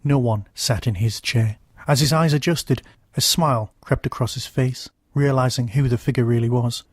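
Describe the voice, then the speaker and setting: A man, the host of a podcast, narrating a short story in a measured, steady reading. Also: mid-range voice, no room sound, studio quality.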